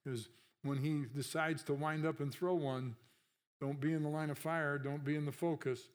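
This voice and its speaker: A man's voice: on the high side, level tone, moderate pace, smooth. A man pastor delivering a conversational sermon, asking the congregation rhetorical questions and lifting his voice sharply on emphasized words.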